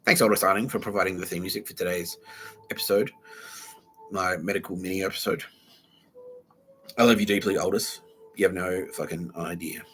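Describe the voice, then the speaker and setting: A man's voice: deep voice, a little fast, long pauses, sharp tone, soft background music. A young man hosts a rambling solo podcast, talking casually, with a lot of slang and swearing. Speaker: podcast host.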